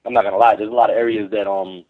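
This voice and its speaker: A man's voice: on the low side, little pitch movement, racing. A young man from Brooklyn, a guest on a radio show, chatting loosely and profanely over a phone line. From Brooklyn, New York. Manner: loose, profane, laughs often. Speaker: guest rapper. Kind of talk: casual radio chat.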